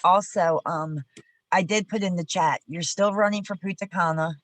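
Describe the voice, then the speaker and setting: A woman's voice: on the low side, fairly even intonation, normal speed, poor audio. A middle-aged woman co-hosting a casual team chat, talkative and openly emotional. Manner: chatty, emotional. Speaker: co-host.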